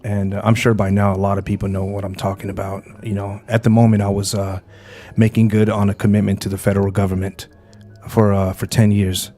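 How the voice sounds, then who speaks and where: Low, dark-voiced male podcast host. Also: completely flat delivery, fairly quick, soft background music. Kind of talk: casual chat.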